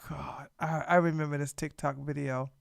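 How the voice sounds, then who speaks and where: A woman's voice: sits low, little pitch movement, moderate pace, gravelly, no echo, studio quality. A woman hosting a live reaction stream, talking back at the video with sassy, offhand remarks. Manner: sassy, interjecting, talks back at the clip. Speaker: livestream host reacting to a video. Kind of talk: casual live reaction chat.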